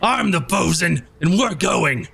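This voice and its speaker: A man voicing a gruff, impatient pirate bosun who barks orders at his crew. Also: high-pitched, sing-song, unhurried, fairly bright tone, voice pushed up, full character voice. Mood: bossy. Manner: barking orders.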